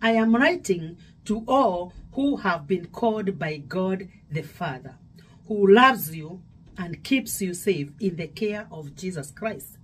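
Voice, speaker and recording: A middle-aged Kenyan woman pastor with a Kenyan accent preaches a devotional sermon emphatically. Her fairly low, slightly rough voice has lively intonation and an unhurried pace. She repeats her phrases and breaks into sudden louder exclamations.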